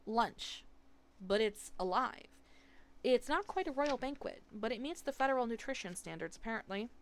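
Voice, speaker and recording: A woman voicing a lively teenage girl with a dry, teasing manner. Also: on the high side, normal speed, slight background noise, lightly acted. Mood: wry.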